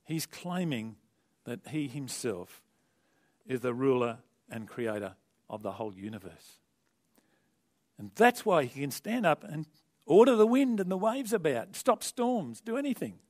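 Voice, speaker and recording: A man preaching a sermon in an animated storytelling manner, with conversational asides to the congregation and big swings between quiet and loud emphasis. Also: a little high, unhurried.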